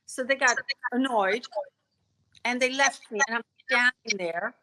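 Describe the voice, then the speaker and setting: A woman's voice: fairly high pitch, a little slow, sharp tone. A woman telling a personal story as a podcast guest, vivid and earnest, stumbling over repeated words when moved.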